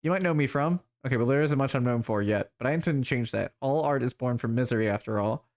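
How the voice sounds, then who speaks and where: A man's voice: medium pitch, fast, close to an everyday voice. A man voicing a smug male orc artist who calls himself a visionary, reading the game dialogue aloud in a grand, self-important way.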